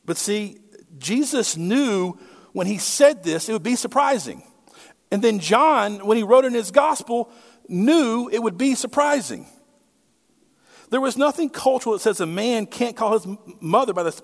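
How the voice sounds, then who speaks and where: Animated, high-voiced pastor preaching in a hall. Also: male voice, normal speed. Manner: conversational, asks the congregation rhetorical questions. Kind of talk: sermon. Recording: long hall reverb.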